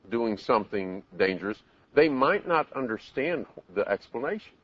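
A man speaks at a parenting seminar, his pitch swinging widely as he acts out scolding parents and stubborn kids. The sound is dry and close, with a slightly dull, muffled top end. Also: no echo. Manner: animated, acts out parents and kids in raised voices. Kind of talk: live seminar talk.

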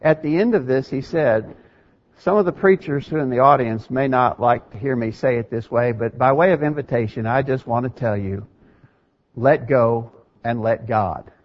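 A male preacher delivering a sermon, emphatic, his voice climbing higher and louder to drive points home. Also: moderate pace. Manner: emphatic, rises in pitch and volume for stress. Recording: dull lo-fi recording.

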